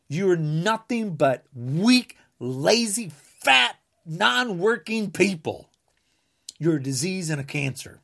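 On his podcast, a man from the United States delivers a furious political rant, picking fights, repeating insults and sometimes shouting. His voice is husky and a little high.

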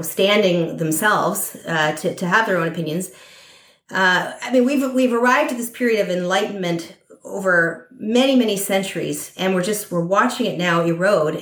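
A woman guest talking through political ideas in a halting, thoughtful way, often restarting her sentences. Her voice sits a little low. The recording has a noticeable room echo. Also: a bit bright. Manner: thoughtful, hesitant, many fillers and restarts. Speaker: podcast guest. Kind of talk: political conversation.

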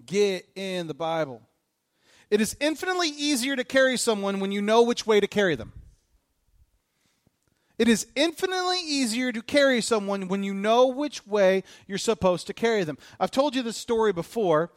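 Male pastor, sermon, animated storyteller with jokes, a touch higher voice, dry. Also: dry recording. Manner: animated storytelling, jokey asides.

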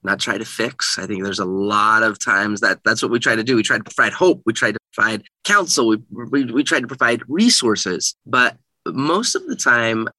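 A man's voice: fairly low pitch, animated, moderate pace, sharp tone, no echo. A man in his thirties, a guest in an interview, telling a story in an earnest way and repeating phrases for emphasis. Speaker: guest speaker.

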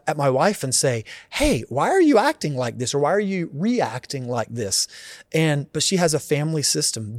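A man's voice: mid-range voice, dry recording, clean studio sound. A man in his forties, a pastor, answering interview questions in a reflective, earnest way, thinking aloud.

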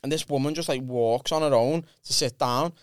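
A man's voice: medium pitch, moderate pace, clear, resonant tone, no room sound, studio quality. A man telling sweary, brash stories on a podcast. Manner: sweary and brash, acts out the people in his stories. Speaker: podcast co-host and comedian. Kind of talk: casual banter, telling stories.

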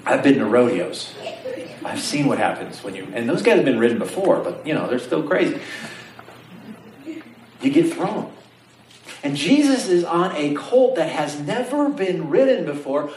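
A man preaching a sermon, telling the story with animated energy and asking his congregation questions. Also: on the high side, normal speed. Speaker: pastor. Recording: roomy sound from some distance, faint ambience.

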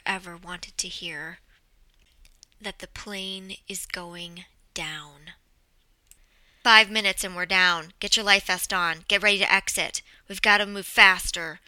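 A woman telling a story in a lively, dramatic way, summarizing a book and then reading from it. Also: medium pitch, no echo, low-quality recording. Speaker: book presenter.

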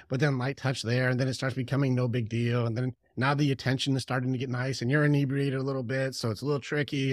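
A man co-hosting a casual conversation, telling stories in an animated way with quick asides. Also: medium pitch, no room sound, studio quality. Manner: animated storyteller, lively with impressions and asides. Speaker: podcast co-host.

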